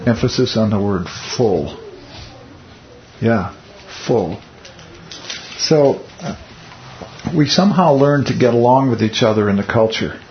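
A man leading a Bible study with a relaxed, conversational delivery. He peppers the teaching with rhetorical questions and wry asides. The recording is muffled and lo-fi, with a faint hiss underneath. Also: mid-range voice, a little slow, pauses often.

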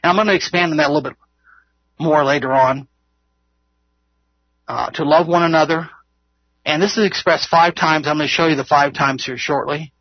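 Guy teaching a bible study, kinda husky voice, a bit higher pitched, rambly and earnest, dry dull-sounding audio. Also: fairly even intonation, moderate pace, long pauses, no echo. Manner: earnest, rambling, laughs often.

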